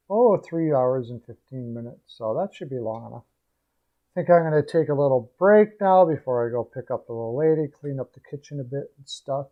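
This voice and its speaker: A man hosting a casual live stream, talking in a relaxed, rambling way with fillers, and losing his voice. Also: a little high, muffled recording.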